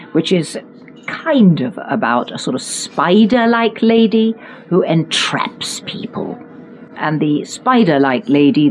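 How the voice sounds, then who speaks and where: A woman's voice: sits low, a little mellow, slight background noise, poor audio. Older woman telling wry anecdotes. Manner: chatty, self-mocking, wry asides. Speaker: guest recalling her acting career. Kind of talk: anecdotal storytelling in conversation.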